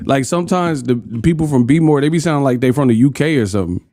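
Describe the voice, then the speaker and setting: A man's voice: medium pitch, animated, fast, hardly any pauses, a little mellow, no room sound, faint music behind. A man hosting a casual boxing reaction show, joking and laughing in slangy banter. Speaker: boxing commentary host.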